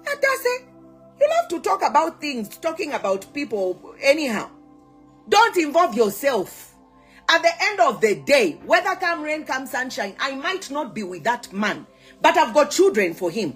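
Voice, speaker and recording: A woman's voice: high-pitched, sing-song, moderate pace, faint music behind. A Zambian woman ranting on her vlog, scolding someone, switching between English and local words with mocking repeats. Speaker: social media influencer. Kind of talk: heated vlog rant.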